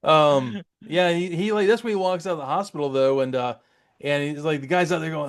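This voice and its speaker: A man's voice: fairly high pitch, brisk. Man recapping a cartoon, acting out lines. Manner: laughs often, acts out characters' lines. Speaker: podcast co-host. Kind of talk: casual chat recapping a cartoon.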